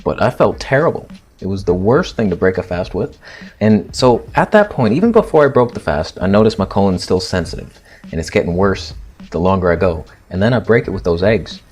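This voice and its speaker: A man's voice: sits low, animated, a little fast, darkish tone, slightly rough, soft background music. A man in his thirties telling a personal story in a blunt, dramatic and self-mocking way, acting out his own reactions. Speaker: fitness influencer telling a story.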